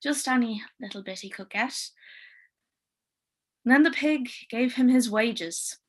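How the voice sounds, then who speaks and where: A woman telling a twisted fairy tale aloud in a playful, expressive way with dry wit. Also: a little high, a little slow. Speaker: storyteller. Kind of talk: oral storytelling.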